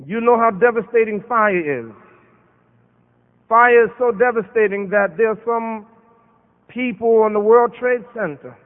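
High-voiced man preaching in an echoing hall. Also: unhurried, long pauses. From United States. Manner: impassioned preaching with Arabic quotations. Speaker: Muslim speaker at a conference. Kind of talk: sermon. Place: large conference hall. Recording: phone-like sound with long hall reverb.

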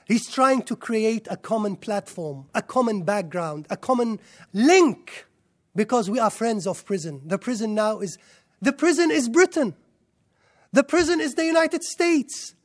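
A man giving an impassioned religious lecture to a live audience, excitable and firing rhetorical questions at the listeners. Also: very high voice, moderate pace. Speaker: Islamic lecturer.

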